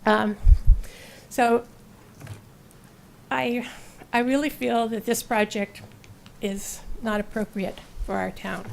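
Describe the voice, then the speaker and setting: A woman's voice: a little high, fairly even intonation, takes it slowly, vocal fry, pauses often, rough recording. A woman giving a hesitant, heartfelt public comment at a city council meeting. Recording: faint room noise.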